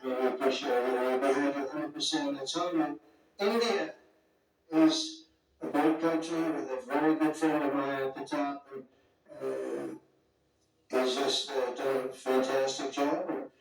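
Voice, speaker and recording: A man with a mid-range voice speaks at a measured pace and steady tone, giving a rambling, unscripted speech as a political leader at a summit. He keeps digressing and reaching for superlatives, and the audio has a very echoey hall, distant mic and faint music.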